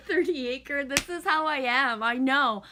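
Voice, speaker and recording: A woman's voice: high voice, slow, background noise. A middle-aged woman from Canada chatting casually on a livestream, chipper and profane, laughing often and greeting viewers by name. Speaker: livestream host.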